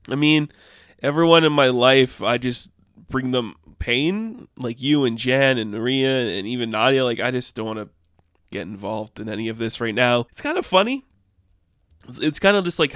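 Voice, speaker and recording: A man with a middle-pitched voice runs through a comic issue in a casual, chatty recap. His tone is smooth and resonant, and he keeps slipping into paraphrased quotes. The sound is dry and close, with no room around it. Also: animated, normal speed, pushed and bright, no room sound. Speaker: comic book reviewer.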